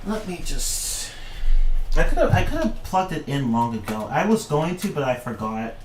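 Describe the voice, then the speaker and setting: A young man rants his way through a casual livestream, his pitch leaping wildly up and down as he keeps collapsing into fits of giggles. He swears freely and rambles from one thought to the next. A faint hiss sits under his voice. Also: sing-song, measured pace. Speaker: streamer.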